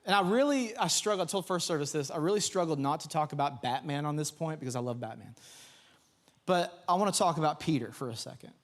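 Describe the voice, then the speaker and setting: A young man preaches from a church stage with a slightly high voice. He tells stories in an animated way, acting out the voices and shouting out the quotes. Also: quick pace. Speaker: pastor. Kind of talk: sermon. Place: church sanctuary.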